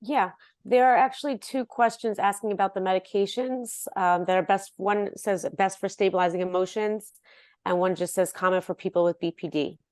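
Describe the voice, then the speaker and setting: A woman's voice: medium pitch, steady tone, normal speed, a little mellow, no room sound, clean studio sound. A woman moderating a webinar, reading out audience questions in a polite, matter-of-fact way.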